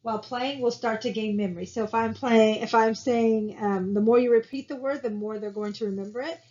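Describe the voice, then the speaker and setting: A woman's voice: fairly high pitch, steady tone, a little fast, warm tone. A woman giving a recorded college lecture in a casual, conversational way, with frequent fillers and "right?" tag questions. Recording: dull lo-fi recording.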